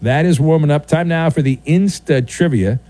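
A man's voice: fairly high pitch, normal speed, dark tone. A man hosting a sports talk radio show, taking calls and joking in a playful, sardonic way.

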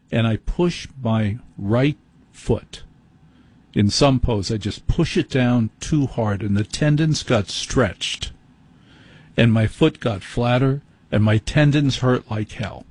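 Male late-night radio host, husky voice, dry close studio mic, wry self-mocking storyteller. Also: medium pitch, slow pace, darkish tone, dry recording. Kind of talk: rambling comic monologue. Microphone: studio microphone.

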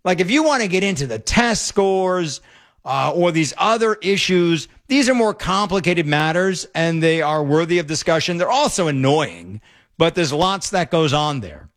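A man's voice: fairly high pitch, normal speed. Exasperated talk radio host, man. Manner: animated, exasperated, stumbles and repeats words. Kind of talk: opinionated talk radio commentary.

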